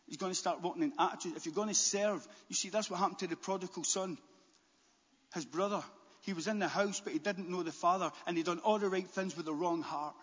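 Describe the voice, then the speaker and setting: A man preaching a sermon as pastor, animated, with stammered restarts and bursts near a shout. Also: sits high, quick pace, husky. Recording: dull, long-echo church hall.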